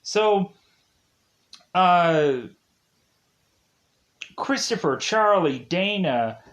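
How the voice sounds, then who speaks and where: A man with a slightly high voice talks through a show's episodes like a casual reviewer. He rambles, fills nearly every pause with "like" and "uh", and chuckles at the silly plot. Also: lively intonation, fairly bright tone. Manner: rambling, leans heavily on "like" and "uh"; laughs at the plot while recapping. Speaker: TV show reviewer.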